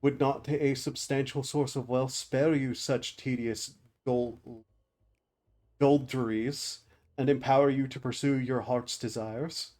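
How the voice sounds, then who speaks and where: A refined merchant goldsmith as a man reads him out reasons in formal, measured phrases. The voice is mellow and dark, and the pacing is slow and deliberate. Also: mid-range voice, steady tone, natural voice.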